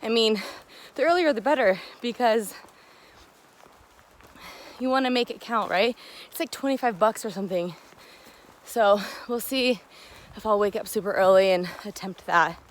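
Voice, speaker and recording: A woman's voice: medium pitch, normal speed. A woman vlogging casually outdoors while hiking a long trail, talking with lots of fillers and a little out of breath. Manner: chatty, filler-heavy, laughs often. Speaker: thru-hiker vlogger. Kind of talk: casual vlog chat.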